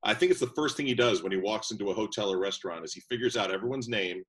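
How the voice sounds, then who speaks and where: A man who works as a radio play-by-play announcer, telling lively anecdotes in a casual interview and voicing the people he quotes. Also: lowish voice, rapid-fire, poor audio.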